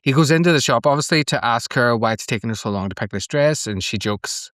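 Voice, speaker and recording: A man's voice: medium pitch, animated, fast talker, fairly bright tone, no room sound, studio quality. A man hosting a podcast, casually recapping an episode and swearing freely as he chats. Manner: chatty, swears freely, retells scenes with laughs. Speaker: podcast host.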